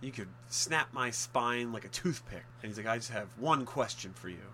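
Man, podcast co-host, casual movie recap, acts out quotes, bright tone, faint noise. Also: medium pitch, moderate pace. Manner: animated retelling with acted-out quotes, frequent swearing.

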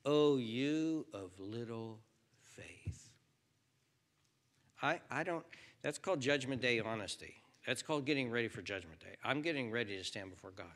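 A man preaching a sermon as pastor, earnest and pleading, swinging from loud, high pleas to a hushed near-whisper. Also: fast talker.

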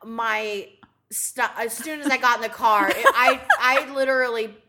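A woman's voice: fairly high pitch, normal speed, bright, forceful tone. A woman co-hosting a podcast, telling stories in casual chat, swearing freely and acting out what people said. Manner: chatty storytelling, swears freely, acts out quotes. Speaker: podcast co-host.

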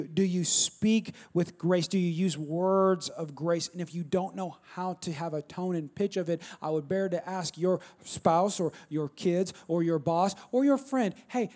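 High-voiced animated male preacher. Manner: animated, swings from loud emphatic bursts to low quiet asides. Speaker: pastor. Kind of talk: sermon.

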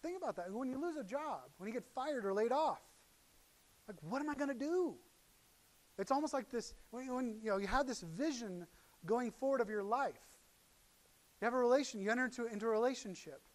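A middle-aged male pastor preaching a sermon, telling stories animatedly and swinging from loud outbursts to hushed asides. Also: high voice.

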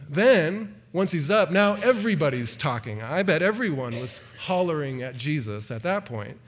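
A male pastor walks through a passage in an earnest sermon. His voice sits a little high for a man, and he lifts into sharper emphasis when he voices the cries he is quoting. Now and then he stumbles and restarts a word. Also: a bit bright. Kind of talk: expository sermon.

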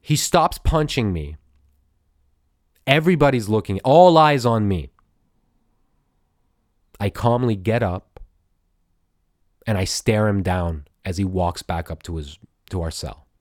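A man's voice: fairly low pitch, expressive, takes it slowly, long pauses, dry recording. A man hosting a podcast, telling a story in a casual, profane, rambling way with many restarts, into a studio microphone. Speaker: podcast host.

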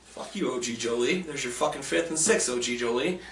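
A man's voice: mid-range voice, fairly quick, a bit bright, a little hiss or hum. A young man co-hosting a casual food podcast, joking and swearing a lot as he chats. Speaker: podcast co-host. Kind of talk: casual chat over food and drinks. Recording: echoey room, mic at a distance.

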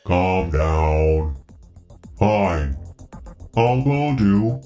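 Man, very deep voice, drawn-out slow delivery, laid-back, teasing, faint music behind. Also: lively intonation, dark tone. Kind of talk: casual comedic chat.

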